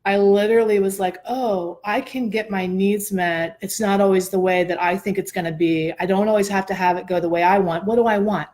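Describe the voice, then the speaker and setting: A woman hosts a casual talk show and tells a personal story with plenty of animation. Her voice sits at an ordinary middle pitch, and she laughs easily as she goes. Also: fairly quick, few pauses. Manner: animated, expressive, laughs often. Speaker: host.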